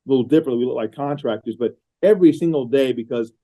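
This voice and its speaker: Middle-aged male guest, warm mellow tone, earnest, halting repeats, remote call. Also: mid-range voice, poor audio. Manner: earnest, repeats words as he gathers his thoughts. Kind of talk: podcast interview conversation.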